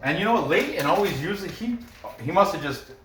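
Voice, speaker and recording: Rambly guy, laughs a lot, bright voice, echoey room. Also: high voice, lively intonation, fairly quick, far from the mic, a little hiss or hum. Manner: rambling, laughs often, many restarts. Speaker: podcast host making fight picks. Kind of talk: casual chat.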